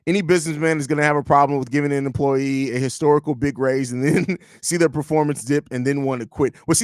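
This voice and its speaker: A man's voice: a little high, fairly bright tone, no echo, clean studio sound. A man hosting a live sports podcast, rambling and joking profanely while reading chat aloud. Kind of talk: casual live-stream chat.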